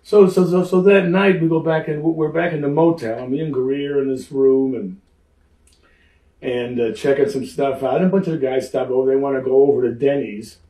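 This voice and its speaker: An older man, a former pro wrestler, telling lively stories in an interview and acting out the people in them. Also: medium pitch, moderate pace, distant mic. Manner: animated, acts out the people in his stories. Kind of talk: lively anecdotal storytelling. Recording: roomy echo, speaker off-mic.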